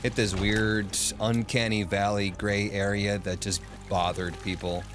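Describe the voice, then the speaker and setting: A man's voice: on the low side, flat delivery, a little slow. A man streaming a video game, chatting casually, thinking aloud and answering his chat. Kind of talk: casual gaming commentary. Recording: game music playing behind.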